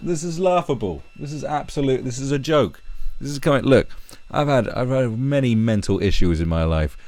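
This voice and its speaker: Angry, swearing Englishman with lively pitch. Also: moderate pace, dry recording. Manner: angry, sweary rant with mocking put-on voices. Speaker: commentator. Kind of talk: ranting commentary.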